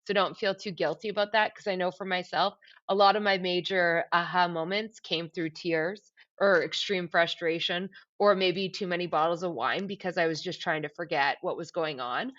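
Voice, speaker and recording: A woman co-hosts a podcast, thinking aloud and asking probing questions. Her voice sits a little low and comes through a dull, lo-fi recording. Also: steady tone, normal speed, few pauses, a bit bright. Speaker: podcast co-host. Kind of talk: casual chat. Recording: dull lo-fi sound.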